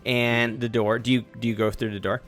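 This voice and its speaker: A man's voice: mid-range voice, flat delivery, fairly quick, a bit bright, faint music behind. A man running a tabletop game as game master, narrating in a casual, loose way.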